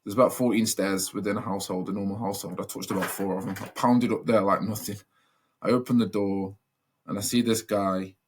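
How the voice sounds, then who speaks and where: A man's voice: on the low side, fairly even intonation, fairly quick, slightly rough. A young man telling a personal story as a podcast guest, earnest and reflective, with many fillers and restarts.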